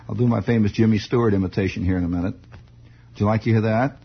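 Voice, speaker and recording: This late-night radio man is pitched fairly low, keeps a steady tone and speaks fast with some vocal fry. His rambling, sing-along-filled monologue comes across as sardonic, wry and playfully grumpy, heard through a lo-fi old radio recording with slight background noise.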